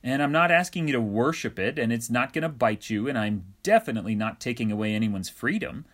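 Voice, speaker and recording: A man's voice: mid-range voice, lively intonation, a little fast, a bit bright. A man voicing an exasperated male prophet who keeps getting cut off while trying to explain himself, pleading and flustered.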